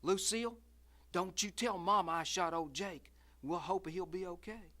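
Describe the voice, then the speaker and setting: Brief: man playing a jittery farm boy, high and bright, hesitant. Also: normal speed. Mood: sheepish. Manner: hesitant, fretful. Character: nervous farm boy, hesitant young hunter.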